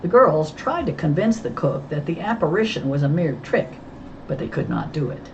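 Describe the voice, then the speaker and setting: Low, lively woman narrator for a storybook; dull, lightly hissy recording. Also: normal speed. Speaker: audiobook reader.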